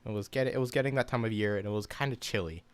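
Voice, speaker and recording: A man's voice: lowish voice, fast, smooth. A young man telling a personal story in a loose, rambling way, full of swearing, fillers and restarts. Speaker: commentary YouTuber. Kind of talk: casual storytelling.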